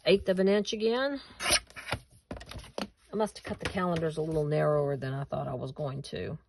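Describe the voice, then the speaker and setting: A woman's voice: deep voice, normal speed, gravelly, noisy background. A woman hosting a casual craft tutorial at home, chatting with viewers and laughing at herself as she cuts and glues.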